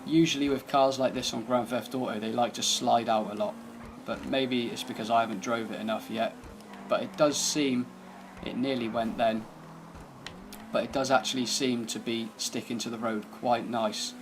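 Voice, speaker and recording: A man's voice: medium pitch, steady tone, moderate pace, background noise. A man giving casual, laid-back commentary over gameplay, thinking aloud as he drives and tests a car. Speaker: gaming channel host.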